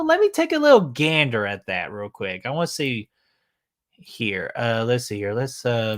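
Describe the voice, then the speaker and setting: Male stream host, bright and forceful tone, casual and profane, lots of fillers. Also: mid-range voice. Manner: loose, joking, swears freely, many fillers. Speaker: livestream host. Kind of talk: casual live-stream chat reading comments.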